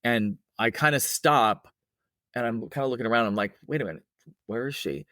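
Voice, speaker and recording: A man's voice: mid-range voice, a little fast, dry recording, clean studio sound. A middle-aged man telling a spooky personal story in a casual, rambling way, with many fillers and restarts, raising his voice to act out other people's lines. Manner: acts out quoted dialogue in a raised, excited voice. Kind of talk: casual spoken ghost story.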